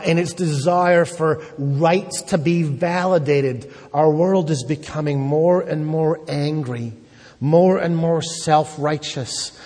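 A man's voice: a little high, mellow. A man preaching a sermon as a pastor, building emphasis through repeated phrases. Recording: long hall reverb.

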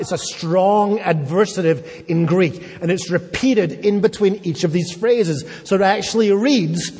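Slow husky preaching man. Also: sits high, a little mellow. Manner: emphatic preaching with rising repeated phrases. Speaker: pastor. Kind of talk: sermon. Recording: long hall reverb.

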